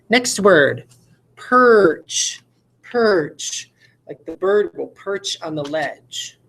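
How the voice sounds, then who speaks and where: A woman's voice: lowish voice, animated, very slow, fairly bright tone. A woman teacher giving a recorded video lesson, explaining each step patiently and checking in with questions to her listeners. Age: adult parent.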